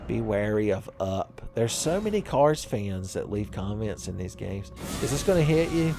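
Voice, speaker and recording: A man's voice: on the low side, sing-song, moderate pace, music in the background. A man hosting a let's play, giving profane, sarcastic gameplay commentary and laughing at his own jokes.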